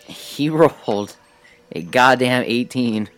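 A man's voice: mid-range voice, slow, faint music behind. A man narrating a tabletop game as game master, casual and profane, often laughing.

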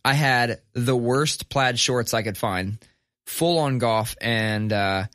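Young guy, podcast host, casual swearing storyteller, dry close sound, mid pitch. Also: slow, fairly bright tone, no echo. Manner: profane, laid-back, laughs through stories.

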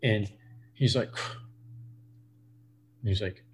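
A man's voice: fairly low pitch, moderate pace. A man in his forties, a podcast guest, telling a profane, rambling story full of "like" fillers. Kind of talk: casual storytelling.

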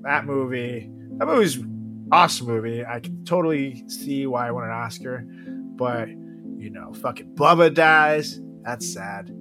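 A man's voice: mid-range voice, unhurried, music in the background. A young man co-hosting a podcast, chatting casually, joking, swearing and laughing often. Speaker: podcast co-host. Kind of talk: casual chat.

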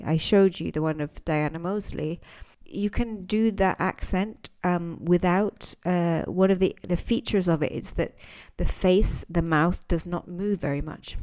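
A woman's voice: lowish voice, darkish tone. A woman English teacher giving an unscripted podcast lesson, talking thoughtfully, searching for words and restarting often.

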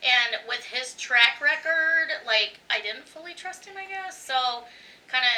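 A high-pitched woman with a piercing, bright voice tells a story in casual chat, animated and quick to swear and laugh. She sounds a little distant from the mic. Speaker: podcast co-host.

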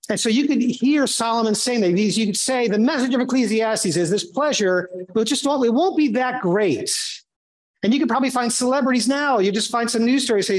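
A man teaching a small Bible study group in a conversational way, acting out the voices he quotes. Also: fairly quick. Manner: conversational, acts out quoted voices with big pitch jumps.

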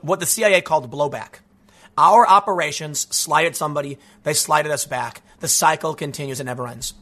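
A man giving a casual, animated commentary monologue, tossing in "dude" and "man" as he talks. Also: on the high side, breathy edge. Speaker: political commentator.

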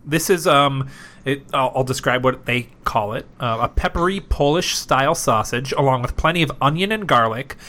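Lively bright-voiced man co-hosting. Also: mid-range voice, normal speed. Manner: joking, swears freely. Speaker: podcast co-host. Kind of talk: casual podcast chat.

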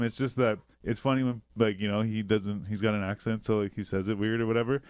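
A man with a somewhat low voice hosts a relaxed conversation, cursing freely and livening up when he gets into a story. The recording is dry and close, with no room sound. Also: quick pace, dry recording. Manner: laid-back, swears a lot, animated when telling stories. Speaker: podcast host. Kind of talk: casual chat.

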